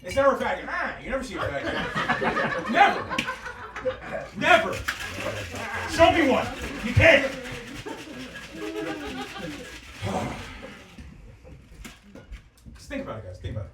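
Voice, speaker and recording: A man's voice: very high voice, wildly swooping pitch, a little slow, pauses often, very noisy. A man doing a crude, rambling, self-mocking stand-up comedy set, heard from a distance in an echoing club with the crowd laughing. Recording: roomy club sound from far off with crowd laughter.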